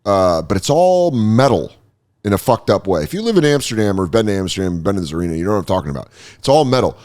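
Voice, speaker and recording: Middle-aged guy on a podcast, super lively up-and-down voice, cusses a lot, does goofy high voices for people in his story. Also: fast. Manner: animated, acts out quotes in high silly voices, swears freely. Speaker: podcast host. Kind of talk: casual storytelling chat.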